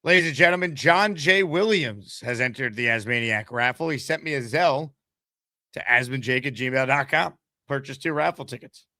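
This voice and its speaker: A man hosting a live call-in sports show, talking with fast, energetic enthusiasm and reading giveaway promos. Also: medium pitch, dry recording, clean studio sound. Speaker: sports talk show host.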